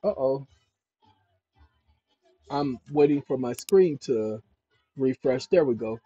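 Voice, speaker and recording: A man hosting his own channel, walking viewers through legal paperwork on his screen in an emphatic way, often calling them "ladies and gentlemen" and checking in with "okay?". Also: medium pitch, animated, slow pace, husky, soft background music. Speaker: channel host giving legal advice. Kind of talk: instructional screen-share talk. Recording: dull lo-fi recording.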